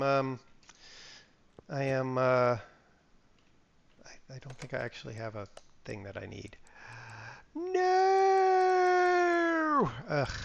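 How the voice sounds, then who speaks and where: A man's voice: medium pitch, vocal fry, a bit bright, clear, resonant tone, dull audio. A man casually commenting on a live game stream. He mutters to himself while playing, breaks into sudden exclamations and sniffles now and then.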